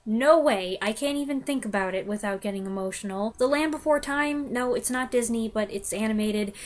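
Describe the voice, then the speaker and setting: A woman's voice: fairly high pitch, fairly quick. A young woman vlogger chatting to the camera, self-deprecating and laughing often. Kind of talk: casual chat to camera.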